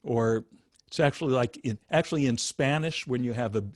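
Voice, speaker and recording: Over a video call, an older man teaches meditation at an unhurried pace, spelling out and pronouncing each syllable of a chant with frequent fillers and restarts. His mid-range voice is recorded dry at studio quality.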